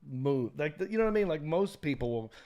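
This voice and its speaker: A man from North Carolina with a North Carolina accent, a guest comedian in a casual podcast chat, telling lively stories and acting out the voices of people he quotes. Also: on the high side, brisk, muffled recording. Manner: animated storyteller who acts out quoted voices.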